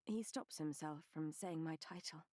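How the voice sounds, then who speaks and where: A woman reading a first-person novel as an audiobook narrator, measured and expressive. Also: low voice, no echo, clean studio sound.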